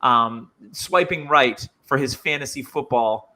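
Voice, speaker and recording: A man's voice: medium pitch, unhurried, bright, forceful tone. A man from New Hampshire with a slight New England accent, hosting a podcast in easygoing casual chat. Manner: easygoing, laughs along, analytical. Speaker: podcast host.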